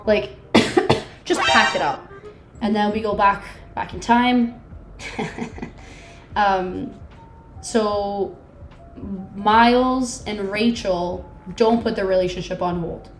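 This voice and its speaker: A woman's voice: mid-range voice, slow, long pauses, faint music behind. A woman in her twenties co-hosting a podcast, summarizing a book in casual chat, full of "like" and dramatic reactions. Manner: chatty, peppered with "like", dramatic disgust reactions. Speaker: podcast co-host.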